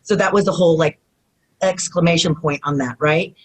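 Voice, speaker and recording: Animated woman telling stories. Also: low-pitched, fairly quick, poor audio. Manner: animated, acts out quotes, many fillers like "you know what I mean". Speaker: retired pro wrestler guest. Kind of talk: casual interview storytelling.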